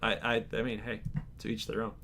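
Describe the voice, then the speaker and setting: A man hosting his channel, reading out viewer survey answers in a laid-back, chill way, calling his own voice monotone and chuckling now and then. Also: fairly low pitch, brisk, creaky, slight background noise. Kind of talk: casual chat to camera.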